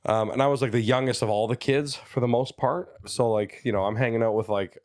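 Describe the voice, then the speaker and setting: A man in his thirties, a comedian guest telling stories in lively, casual podcast chat and often checking in with "you know what I mean.". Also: medium pitch, a little fast, no room sound, studio quality. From Canada, Ontario. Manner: animated storyteller who slips into voices, says "you know what I mean" often.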